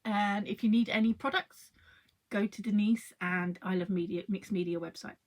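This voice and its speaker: A woman's voice: medium pitch, fairly even intonation, normal speed. A woman in her thirties chatting to viewers while she demonstrates a craft project live. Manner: chatty, friendly, talks to viewers and reads their comments.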